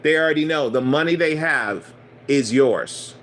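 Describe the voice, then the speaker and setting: A man's voice: on the high side, measured pace, fairly bright tone, slight background noise. Blunt, profane male preacher. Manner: conversational, repeats phrases. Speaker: spiritual teacher. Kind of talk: casual sermon.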